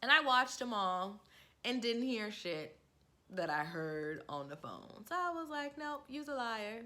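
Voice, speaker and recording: A woman in her forties spins a personal story straight to camera in a casual, candid way. Her voice is bright and clear, and she laughs easily, jumping into lively quoted dialogue. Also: medium pitch, a little slow. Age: 40s. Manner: candid, laughing, animated quoting. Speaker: vlogger.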